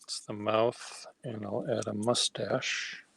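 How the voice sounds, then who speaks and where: Slow, soft-spoken man thinking aloud. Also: lowish voice, little pitch movement, creaky, noisy background. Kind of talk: casual talk while crafting.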